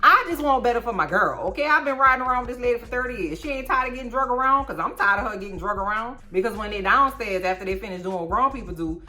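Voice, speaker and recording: A middle-aged woman giving a sassy, animated TV recap into her phone, often yelling for emphasis. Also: fairly high pitch, fast talker, few pauses, faint music behind. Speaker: TV recap vlogger. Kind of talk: casual TV recap commentary.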